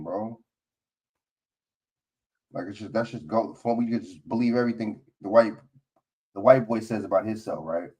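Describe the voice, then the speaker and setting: Broadcasting a livestream from his home studio, this man offers casual political commentary that is blunt and profane, frequently adding "you know what I'm saying." His voice sits on the low side with a darkish tone, moving at normal speed with long pauses.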